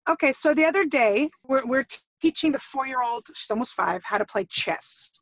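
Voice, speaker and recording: A woman's voice: sits high, expressive, normal speed, fairly bright tone, no echo. Earnest mother telling a story. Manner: earnest, storytelling, frequent brief agreement. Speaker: mother seeking advice. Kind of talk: casual conversation.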